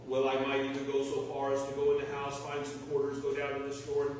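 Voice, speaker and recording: Texan pastor preaching in an echoey church. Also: male voice, medium pitch, completely flat delivery, fast, darkish tone, slight background noise. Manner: conversational preaching with rhetorical questions and homely examples. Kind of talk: sermon. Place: church sanctuary. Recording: echoey church hall, mic at a distance.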